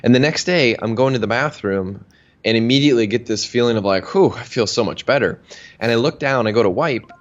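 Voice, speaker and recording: The recording has a lo-fi sound as a male health practitioner tells a long personal story in an interview. He's chatty and anecdotal, uses plenty of fillers, and speaks fairly quickly in a mid-range voice.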